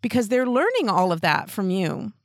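A woman hosting a parenting show, giving earnest, gentle advice in a casual way and laughing lightly between thoughts. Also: mid-range voice, big pitch swings, moderate pace, no room sound, clean studio sound. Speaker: parenting podcast host.

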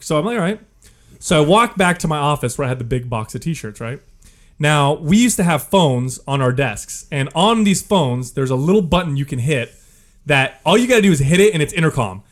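A man's voice: on the high side, lively intonation, quick pace. A man on a podcast telling a long embarrassing story in a casual, profane way, often laughing as he goes. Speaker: podcast co-host.

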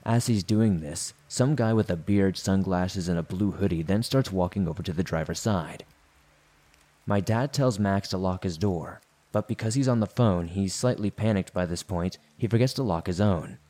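A man narrating a first-person horror story in a steady, scripted delivery. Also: low-pitched, normal speed.

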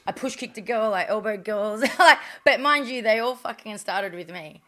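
An Australian woman telling stories as a podcast guest, animated and blunt, with plenty of swearing. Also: mid-range voice, normal speed. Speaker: guest, professional boxer. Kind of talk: casual storytelling.

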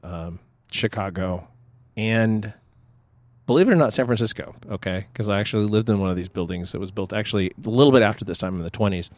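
A middle-aged man telling a story on a podcast, his voice on the low side. He meanders, pausing and restarting often, and the sound is close and dry. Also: a little mellow, no room sound. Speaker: podcast co-host. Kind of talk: casual chat.

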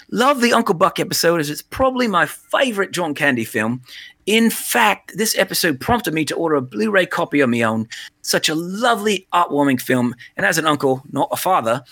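A man's voice: a little high, gravelly, bright, forceful tone, dry recording, heavily acted. A man putting on a Liverpool accent. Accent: put-on Liverpool. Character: man reading a listener letter in an English accent.

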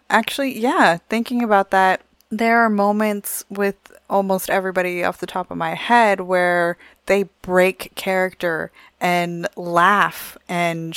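A woman's voice: fairly low pitch, fairly bright tone, smooth, no echo. Earnest woman co-hosting a chat. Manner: earnest, heartfelt. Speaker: podcast co-host. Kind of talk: casual chat.

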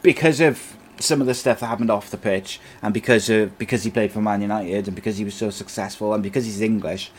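A man with a fairly low voice hosts a loose, chatty football podcast. He rattles off player names and reads listener comments aloud in an easygoing way. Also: quick pace, few pauses, breathy edge. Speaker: podcast host. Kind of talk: casual football chat.

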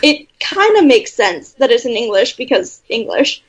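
A woman's voice: fairly high pitch, sing-song, moderate pace, slightly rough, highs cut off. A young woman from Canada, co-hosting a casual chat in a rambling, chatty way and laughing often. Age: young adult.

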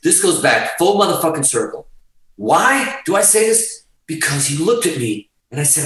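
A man in his fifties, a guitarist guest on a podcast, telling stories in a profane, animated way and laughing through them. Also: a little high, moderate pace. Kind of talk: storytelling in casual chat. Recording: very echoey room, far from mic.

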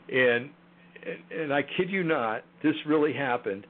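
A man's voice: medium pitch, normal speed. A man guest in a casual interview, talking hesitantly with many fillers and restarts. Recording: tinny phone line.

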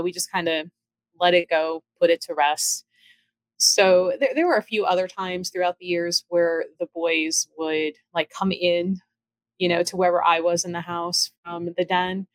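A middle-aged woman casually telling ghost stories from her own home, chatty and lively, acting out the voices of the people in her story. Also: lowish voice, dry recording. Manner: chatty, animated, acts out quoted dialogue. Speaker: storyteller recounting ghost encounters.

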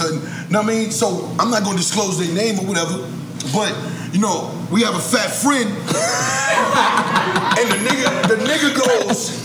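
A high-pitched man spins loud, slang-filled stories in a casual group chat. His voice rings out in an echoey room over a heavy wash of background noise. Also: moderate pace. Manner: animated storyteller, loud bursts, slang-heavy.

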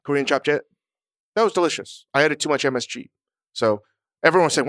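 Smooth-voiced man, blunt and profane. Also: on the high side, quick pace, fairly bright tone, no echo. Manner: blunt, profane, self-mocking. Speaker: podcast co-host. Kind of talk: casual chat.

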